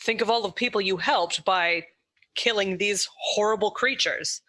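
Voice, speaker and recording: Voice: medium pitch, normal speed, bright, forceful tone, dry recording, lightly acted. A player voicing a blunt, bloodthirsty female adventurer in a tabletop game, talking bluntly and encouragingly.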